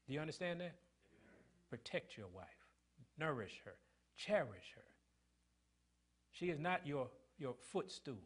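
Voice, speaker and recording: Man, middle-aged, pastor, high-pitched, emphatic sermon, call-and-response. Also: expressive, normal speed, long pauses. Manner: call-and-response preaching, quizzing the congregation; emphatic, swinging between loud and hushed.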